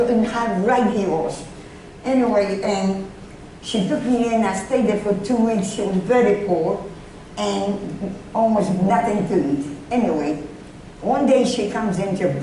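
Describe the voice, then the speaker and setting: A woman's voice: medium pitch, warm tone. Older woman recalling the war, far off in an echoey room. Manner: halting, repeats words while recalling, emotional. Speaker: Holocaust survivor speaking to students. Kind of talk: personal testimony to a student audience. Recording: echoey room, mic far off, faint noise.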